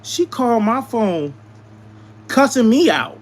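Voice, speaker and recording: A man's voice: very high voice, big pitch swings, slow pace. A man telling a heated personal story to his live viewers, hammering points home by repeating them. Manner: emphatic, repeats lines for emphasis. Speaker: live streamer.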